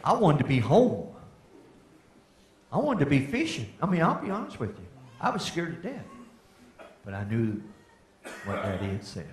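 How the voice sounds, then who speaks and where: An older man giving a folksy testimony sermon, rising to fervent shouts. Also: medium pitch, huge pitch swings, moderate pace, pauses often, slight background noise. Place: church meeting hall. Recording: echoey hall.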